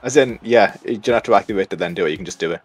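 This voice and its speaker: A man playing a wrestling game, excitable, yelling move names and swinging between mutters and shouts. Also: on the low side, very fast, husky, faint music behind. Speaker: gamer. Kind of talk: excitable let's-play commentary.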